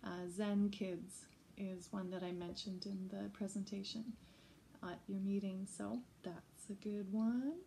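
A woman music educator giving a gentle, chatty teaching talk to teachers and parents. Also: mid-range voice, flat delivery, measured pace, creaky, a little hiss or hum. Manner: gentle, chatty, breaks into short sung examples. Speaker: early childhood music educator.

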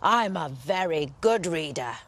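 A woman's voice: low voice, animated, a little slow, fairly bright tone, voice pushed down, full character voice. A woman voicing a proud male lion who roars imperiously. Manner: roaring, imperious.

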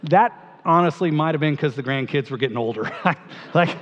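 High-voiced middle-aged pastor telling stories. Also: male voice, a little fast, a bit bright. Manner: conversational, humorous storytelling. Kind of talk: memorial eulogy storytelling. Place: church hall. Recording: dull sound with long church reverb.

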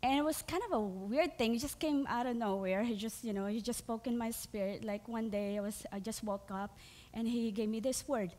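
A woman's voice: fairly high pitch, brisk, mellow. Filipino woman preaching, chatty and laughing. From Philippines. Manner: chatty, laughs often, many fillers and restarts. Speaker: church speaker. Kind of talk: sermon.

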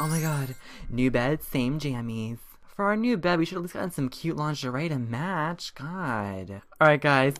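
A man hosting a comedic game commentary, flamboyant and crude, with sudden squealing highs. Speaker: gaming channel host.

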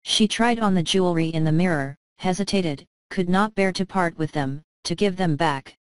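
A woman reading a classic short story aloud as narrator, calm and measured. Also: on the low side, clean tone, no room sound, rough recording. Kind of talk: scripted narration.

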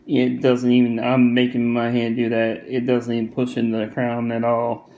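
A man with a Southern US accent talks through a watch review in a loose, rambling way, leaning on fillers and circling back on himself. His voice has a gravelly edge and stays fairly flat in pitch. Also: normal speed, lo-fi sound. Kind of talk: casual product review.

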